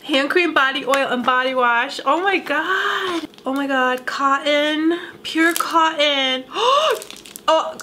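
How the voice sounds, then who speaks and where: High bright gushing young woman. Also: a little hiss or hum. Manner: gushing, gasping, close to tears. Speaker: beauty vlogger. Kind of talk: emotional unboxing vlog.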